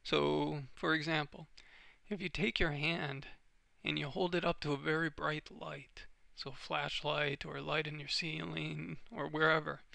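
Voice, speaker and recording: Gravelly-voiced man explaining software steps. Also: on the high side, measured pace, no echo. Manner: steady step-by-step explaining. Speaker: software tutorial instructor. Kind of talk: screen-recorded software tutorial.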